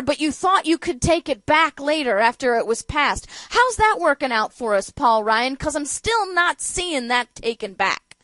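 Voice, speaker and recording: A woman's voice: high voice, big pitch swings, a little slow, a bit bright, no echo. A woman hosting a political talk show, giving opinionated commentary with sarcasm, rhetorical questions and emphatic outbursts. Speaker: radio talk show host.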